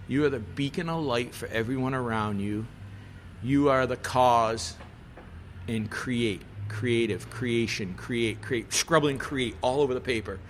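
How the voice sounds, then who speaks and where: Man, chef, podcast guest, casual storytelling, swearing, lots of fillers, mid pitch, faint background noise. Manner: animated, profane storytelling with many fillers.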